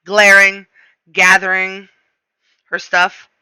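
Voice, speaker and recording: A woman reading a novel aloud, shifting her pace and slowing on descriptive phrases. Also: mid-range voice, monotone, bright, forceful tone, clear, resonant tone, no echo, low-quality recording. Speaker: reader.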